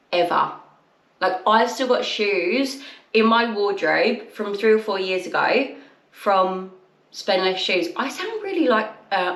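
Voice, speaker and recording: Chatty woman rambling about stuff she bought, lively up and down voice, echoey room, mic a bit far off. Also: medium pitch. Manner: chatty, rambling, quick asides. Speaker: haul vlogger. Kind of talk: casual chat.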